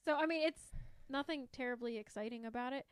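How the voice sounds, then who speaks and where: Bubbly woman with a smooth voice. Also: a little high, fast, no echo. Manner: enthusiastic, rambling with fillers. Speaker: podcast co-host. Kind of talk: casual board game chat.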